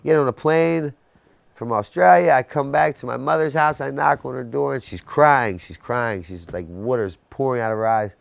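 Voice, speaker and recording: A man in his thirties tells his own recovery story in an intense, driven way and keeps tossing in rhetorical questions. His voice sits at an ordinary middle pitch and sounds close and dry, with no room around it. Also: normal speed, creaky, no echo. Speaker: recovery speaker. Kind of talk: personal testimony.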